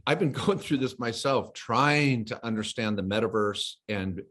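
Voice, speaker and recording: A man's voice: medium pitch, moderate pace, a bit bright. A man co-hosting a podcast in casual chat, telling stories and acting out quoted voices with energy. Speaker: podcast co-host.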